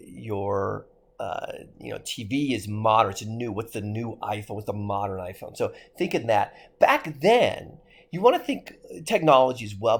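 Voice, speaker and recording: A man with a Midwestern accent teaches a history lesson with an animated voice. His pitch leaps high and drops low. A gravelly rasp runs through his tone as he asks questions and answers them himself. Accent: American Midwest. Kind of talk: recorded classroom lecture.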